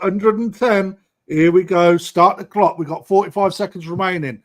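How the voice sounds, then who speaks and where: A middle-aged British man hosts a live-streamed koi auction, bantering in a chatty, matey way with viewers while calling out bids and the time left. He has a high voice and a moderate pace.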